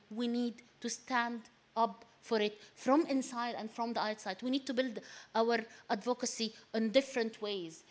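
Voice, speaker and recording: Hesitant woman speaking at a panel. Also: on the high side. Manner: hesitant, many fillers and restarts, grows emphatic. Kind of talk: panel discussion remarks. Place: seminar room.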